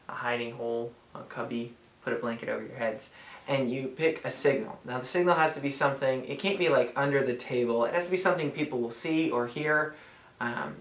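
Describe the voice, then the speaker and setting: A man's voice: medium pitch, fairly bright tone. A man casually explaining the rules of a card game, playful and rambling, with lots of fillers. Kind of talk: casual demonstration. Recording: roomy echo.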